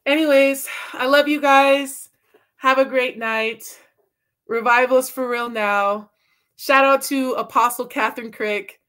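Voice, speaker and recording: Woman preaching casually on video, fervent, slangy, takes her time, kinda high pitched. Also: steady tone, slow pace, fairly bright tone, clean tone. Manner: casual, slangy, fervent, keeps asking "right?".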